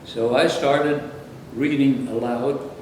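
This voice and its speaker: An older man from Brooklyn tells rambling stories of his working life in a mellow, relaxed voice. He sits back from the microphone in a very echoey room, and a faint hum lies underneath. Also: medium pitch, slow pace, recorded from a distance. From Brooklyn, New York. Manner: rambling, anecdotal, conversational. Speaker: interviewee, former radio announcer. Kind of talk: reminiscing interview.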